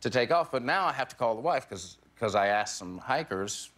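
A man's voice: medium pitch, lively intonation, moderate pace, a bit bright. A man in his forties, a talk show guest telling a comic story and laughing through his punchlines. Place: TV studio with live audience.

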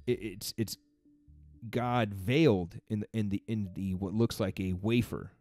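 Low-voiced man giving an earnest faith talk. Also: steady tone, measured pace, darkish tone, soft background music. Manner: earnest, conversational, laughs between points. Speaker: fitness coach giving a daily faith talk. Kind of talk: casual devotional talk.

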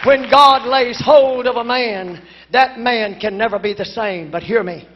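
A woman preaching a sermon emphatically, building to shouted lines and then dropping to a low, quiet delivery. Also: unhurried, some chatter behind. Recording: dull lo-fi conference recording.

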